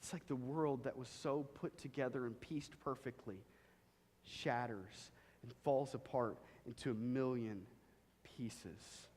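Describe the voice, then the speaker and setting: A man preaching a sermon as a pastor, dramatic, swinging between loud emphatic lines and hushed low ones. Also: unhurried, breathy edge. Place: church sanctuary. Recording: long reverb of a church hall.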